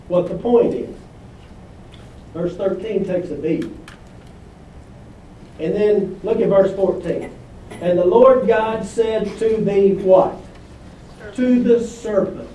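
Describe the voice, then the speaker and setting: A man's voice: sits high, warm tone. A male pastor preaching a sermon emphatically, calling for the congregation's response. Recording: echoey room from far off.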